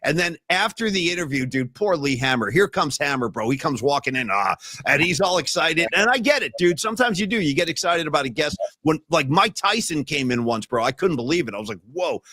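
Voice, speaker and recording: A man's voice: fairly high pitch, a little fast, no echo. A man hosting a sports talk show in casual banter, telling stories and tossing in "dude" and "bro.". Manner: excitable storyteller, drops "dude" and "bro". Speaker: podcast host.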